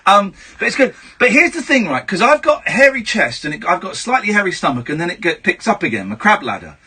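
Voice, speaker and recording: High, lively man teasing on air. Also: brisk, husky. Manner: teasing, mocking, bursts into shouting. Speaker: radio host. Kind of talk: late-night radio chat. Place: radio studio.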